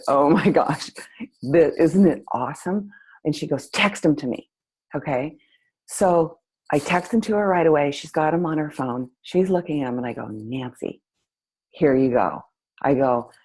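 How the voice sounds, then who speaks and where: A woman's voice: low voice, a little mellow, husky, poor audio. A woman hosting a talk, telling a story and acting out both sides of a conversation with lots of energy. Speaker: host. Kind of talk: storytelling to an audience.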